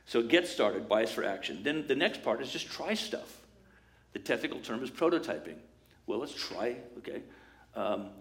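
A man preaching a sermon as pastor, in a lively conversational way, acting out quoted voices and asides. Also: mid-range voice, normal speed.

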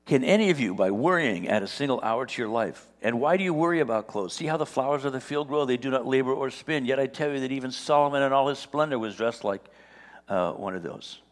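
A man's voice: medium pitch, quick pace, few pauses, big-room sound. A man preaching a sermon, telling stories with acted-out dialogue and rising in force as he reads scripture. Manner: storytelling, acts out dialogue, rises on scripture. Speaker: pastor.

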